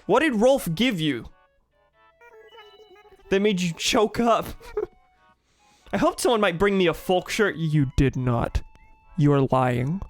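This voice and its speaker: A man's voice: high voice, expressive, slow pace, long pauses, faint music behind. A young man with a sore throat, casually joking and swearing while streaming a game. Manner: joking, swears, reads game dialogue aloud. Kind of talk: casual gaming commentary.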